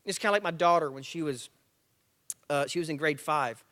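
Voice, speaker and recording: A man in his forties with a slightly high voice speaks a little fast as a guest speaker at a church men's breakfast. His motivational talk is full of lively stories and acted-out dialogue, and he jokes at his own expense.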